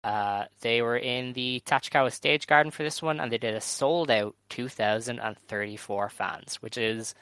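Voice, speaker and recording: A man co-hosting a casual podcast, talking in a measured way with frequent "um"s as he goes over details. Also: mid-range voice, fairly bright tone, smooth, no echo. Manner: measured, many "um"s, runs through show details. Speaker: podcast co-host. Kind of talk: casual chat reviewing wrestling shows.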